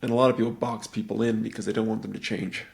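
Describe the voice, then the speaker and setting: A man hosting a podcast, casually and excitedly retelling a film with lots of "like" fillers. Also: fairly low pitch, fast talker, vocal fry. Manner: rambling, animated movie retelling full of "like". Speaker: podcast host.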